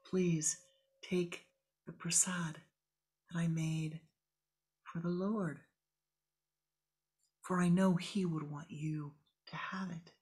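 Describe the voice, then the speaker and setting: A woman's voice: fairly low pitch, steady tone, takes it slowly, long pauses, darkish tone. A woman doing an earnest young swami. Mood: gentle. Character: devout young female swami, earnest and hopeful.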